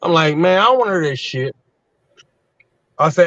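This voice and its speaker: A man's voice: high voice, animated, unhurried, long pauses, a bit bright, no echo. A man in his fifties, a guest on a live panel, telling a story in a heated, profane way from his truck on the road. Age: 50s. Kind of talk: casual live panel chat. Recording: dull lo-fi line.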